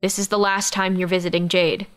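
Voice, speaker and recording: A woman's voice: lowish voice, flat delivery, a little fast, smooth, lightly acted. A woman voicing a young man, a protective brother who lectures sternly in an audiobook. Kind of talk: audiobook character reading.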